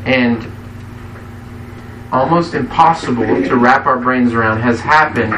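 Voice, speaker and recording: A man's voice: medium pitch, a little slow, a bit bright, slight background noise. A man preaching a sermon in a conversational way, often asking his listeners questions. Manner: conversational, asks the congregation questions. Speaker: pastor. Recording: echoey hall, mic from a distance.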